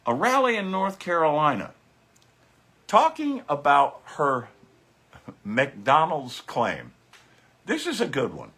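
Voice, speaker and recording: A man in his live commentary show, slow-paced and sarcastic, with frequent swearing. His voice sits a little high and sounds bright and forceful. It carries a husky, breathy grain. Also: huge pitch swings. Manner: sarcastic, profane, scoffing. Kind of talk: casual live political commentary.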